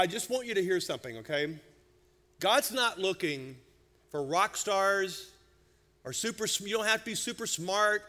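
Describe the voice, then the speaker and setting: A middle-aged man preaching a sermon, telling a humorous family story with lively, animated delivery. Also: high-pitched. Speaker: senior pastor. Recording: church hall reverb.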